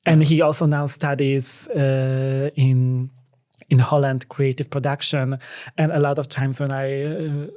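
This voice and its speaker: Polish-accented man, expressive guest. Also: mid-range voice, a little slow. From Poland. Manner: expressive, chatty, laughs often. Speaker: guest artist. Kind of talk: casual conversation.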